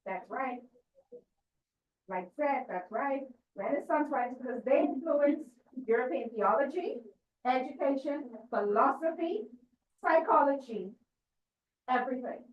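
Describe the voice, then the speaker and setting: A woman's voice: high voice, lively intonation, a little slow, pauses often. A woman giving a teaching lecture on scripture, checking in with her listeners with questions as she goes. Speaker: church lecturer. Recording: distant echoey dull room recording.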